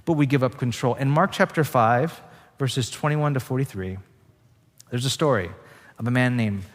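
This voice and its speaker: A male pastor preaching in a loose, conversational way, dropping in "like" as he goes. His voice sits at an ordinary middle pitch and trails off into the long reverb of a church hall. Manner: casual, conversational preaching with frequent "like" fillers. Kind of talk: sermon.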